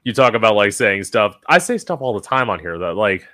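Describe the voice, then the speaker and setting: A man hosting a casual interview, storytelling in a gossipy, animated way. His speech is full of fillers and restarts. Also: lowish voice, a little fast. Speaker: interview host.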